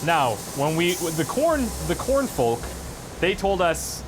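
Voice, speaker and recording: Animated male gameplay commentator. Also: a little high, takes it slowly, background noise. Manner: animated, amused, chuckling asides. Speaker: let's play host.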